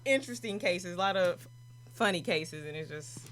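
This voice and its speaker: A woman guest in a casual interview, telling stories and acting out the people in them with lively energy. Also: fairly low pitch, moderate pace, over loud music. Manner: animated, acts out voices in her stories. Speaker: guest, prison doctor.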